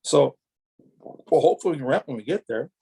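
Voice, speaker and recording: Speaking fairly quickly in a husky, medium-pitched voice with vocal fry, a middle-aged man from Wisconsin recounts his racing days on a podcast. The former racer's stories ramble, and he animatedly plays out the conversations he quotes.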